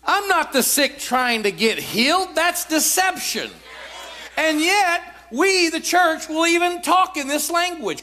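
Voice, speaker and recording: Male preacher, shouted exhortations, high bright voice, swinging pitch. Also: sing-song, measured pace. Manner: emphatic, often shouting declarations; repetitive call-and-response exhortation. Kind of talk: sermon.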